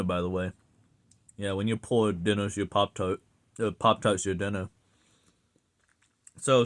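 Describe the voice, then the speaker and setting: A man with a Southern US accent, rambling and swearing as he rants casually to the camera for his online video. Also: fairly low pitch. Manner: rambling, profane, laughs often. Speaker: YouTube commentator.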